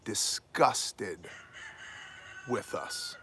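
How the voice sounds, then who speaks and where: A man's voice: on the low side, animated, very slow, fairly bright tone, slight background noise. A man delivering an opinionated daily news monologue, emphatic and preachy, with wry asides. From United States. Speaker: prepper news commentator.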